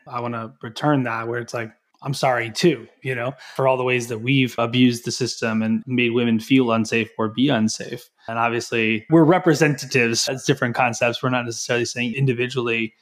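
A man's voice: medium pitch, fairly bright tone. A man hosting a podcast, speaking earnestly and reflectively to his guest. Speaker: podcast host. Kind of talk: casual chat.

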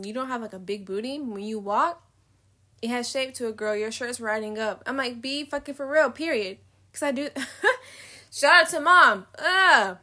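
A woman's voice: fairly high pitch, a bit bright. A young woman vlogging in a casual, candid monologue, rambling between thoughts, swearing freely and laughing often.

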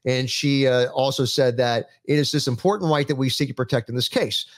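Halting man hosting a panel show. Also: mid-range voice, no room sound, clean studio sound. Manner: halting, lots of fillers. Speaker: podcast host. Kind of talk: casual panel chat, reading news.

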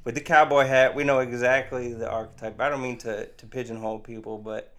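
A man's voice: medium pitch, little pitch movement, a little fast, fairly bright tone. A man co-hosting a podcast in casual, joking conversation. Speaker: podcast co-host. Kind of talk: casual chat.

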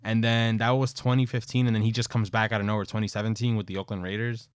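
Low-voiced man rambling casually. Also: level tone, fast talker, smooth, no room sound, clean studio sound. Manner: rambling, hedging with fillers. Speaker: podcast co-host. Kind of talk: casual chat.

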